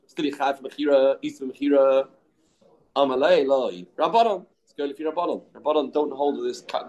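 A man's voice: medium pitch, a little mellow, rough recording. Man arguing through a Talmud lesson. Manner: quick back-and-forth argument mixing English with Aramaic and Yiddish terms. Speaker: Talmud teacher. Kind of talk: daf yomi Talmud lesson.

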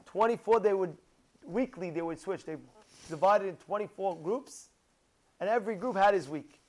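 A man gives a Torah lesson in a notably high voice, acting out stories with energy. He laughs often and fires questions at his listeners. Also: normal speed. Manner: lively storyteller who laughs often and asks questions. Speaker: Torah teacher.

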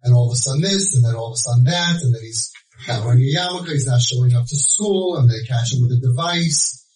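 A man's voice: mid-range voice, fast. A man giving a storytelling talk to a live audience, joking and acting out the dialogue as he counsels families. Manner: animated and joking, acts out the dialogue. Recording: echoey, voice from far off.

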